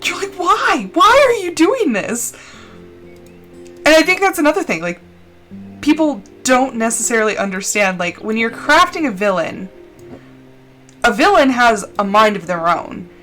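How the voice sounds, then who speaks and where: A woman with a fairly high voice chats loosely to her live-stream audience, stringing thoughts together with lots of fillers and breaking into laughter easily. Faint game music plays quietly underneath her talk. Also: normal speed. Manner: chatty and expressive, many fillers, laughs often. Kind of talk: casual chat while gaming on a live stream.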